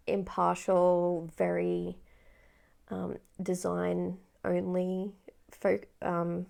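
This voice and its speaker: A woman's voice: lowish voice, gravelly, a little mellow. A woman chatting casually about crochet, rambling with lots of fillers. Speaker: crochet vlogger. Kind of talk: casual chat.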